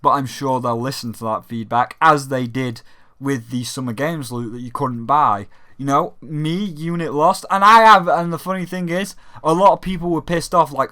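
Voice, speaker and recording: A man's voice: fairly high pitch, normal speed. Sweary British man ranting about games. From Britain. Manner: sweary, animated, mocking voices. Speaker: gaming channel host. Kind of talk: casual ranting commentary.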